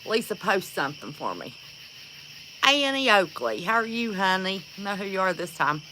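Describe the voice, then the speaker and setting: A woman's voice: mid-range voice, big pitch swings, moderate pace, sharp tone, a little hiss or hum, low-quality recording. A woman hosting a casual livestream, chatting and greeting viewers by name and calling them honey. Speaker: livestream host.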